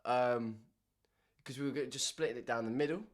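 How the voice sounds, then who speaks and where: A man co-hosting a podcast tells a story in casual conversation, laughing his way through it. He speaks a little fast in a mid-range voice.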